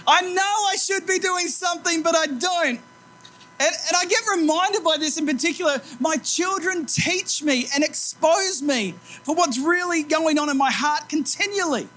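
A man's voice: extremely high pitch, normal speed, sharp tone. A man in his thirties preaching a sermon as pastor, telling stories in a conversational, self-deprecating way.

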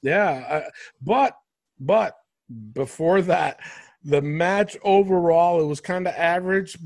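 On his podcast, this host reviews wrestling in a casual chat, animated and profane, doing impressions of commentators. He speaks slowly in a high-pitched voice, with clean studio sound and no echo.

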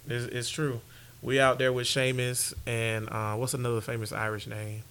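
A man's voice: mid-range voice, level tone, normal speed, a bit bright, smooth. A man co-hosting a casual sports podcast, talking in a hype, playful, joking way. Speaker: podcast co-host.

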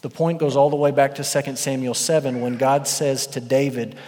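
A man preaching an expository sermon as pastor, animated and building to shouts for emphasis. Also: medium pitch, moderate pace, hardly any pauses. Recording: long reverb of a large hall.

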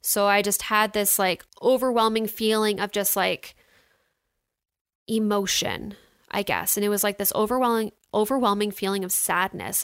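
A young woman vlogging about her week in a loose, chatty way, with lots of filler words. Her voice is smooth and clean and sounds close and dry, with no room around it. She sounds emotional, and her throat is getting a little sore. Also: mid-range voice, a bit bright, dry recording. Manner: chatty, many "like" and "you know" fillers. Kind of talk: casual storytelling to viewers.

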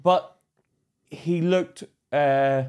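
A man's voice: fairly high pitch, extremely slow, clean tone. A man co-hosting a podcast, telling a road-rage story in casual chat and acting out quotes. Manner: animated storytelling, acts out quotes loudly. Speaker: podcast co-host.

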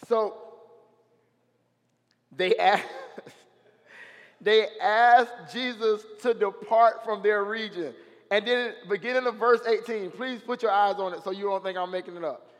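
Young male guest preacher, high voice, lively slangy storytelling, church hall reverb. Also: measured pace, pauses often. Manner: animated, slangy storytelling, shouting at climaxes. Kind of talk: sermon. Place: church sanctuary.

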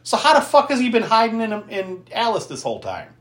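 With a high, slightly bright voice whose pitch swoops wildly, a podcast host rattles quickly through a casual film recap. Swearing and laughter come often, and the space sounds echoey.

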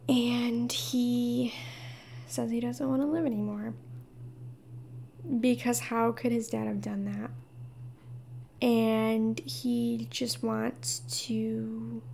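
Slow, gravelly young woman podcaster. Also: fairly high pitch, darkish tone, slight background noise. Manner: phrase ends trailing into a breathy whisper. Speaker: podcast host. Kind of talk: solo podcast book discussion.

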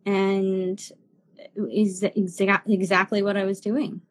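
A woman's voice: medium pitch, little pitch movement, slow. A woman in her forties, a spiritual guide talking as a guest in a casual live chat, earnest and laughing often. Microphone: video call.

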